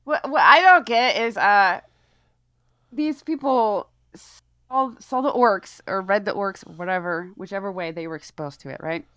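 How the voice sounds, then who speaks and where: A woman's voice: medium pitch, measured pace, a bit bright, clear, resonant tone, no echo. A woman co-hosting a casual live stream, blunt, mocking and swearing freely. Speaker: podcast co-host.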